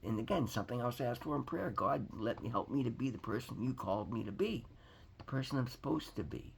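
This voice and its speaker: A man's voice: medium pitch, lively intonation, brisk, creaky, slight background noise. A man giving an earnest, rambling personal testimony to his viewers, emphatic and calling them guys. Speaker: recovery vlogger.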